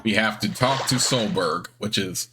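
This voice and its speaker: A man hosting a game playthrough, chatting casually and reading the story text, in a relaxed, chatty way. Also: lowish voice, normal speed, background noise. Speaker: let's play host. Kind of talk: casual gameplay commentary and narration.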